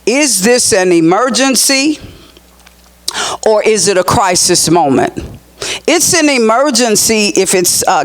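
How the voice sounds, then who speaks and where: A man with a notably high voice leads a training workshop in a meeting room, keeping it conversational and quizzing his audience as he goes. He breaks into short acted-out example lines to make his points. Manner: lively, conversational teaching with audience questions; acts out sample phrases and voices while teaching.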